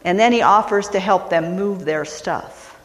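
A woman's voice: lowish voice, unhurried, big-room sound, a little hiss or hum, rough recording. Folksy woman preacher from West Virginia. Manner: folksy, storytelling, self-deprecating. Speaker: pastor. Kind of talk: sermon. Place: church sanctuary.

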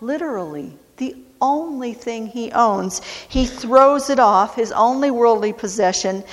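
A woman preacher delivers a sermon in a fairly high, animated voice, moving very slowly and lingering on each phrase. She repeats key words for emphasis, and her voice fades into a long hall reverb.

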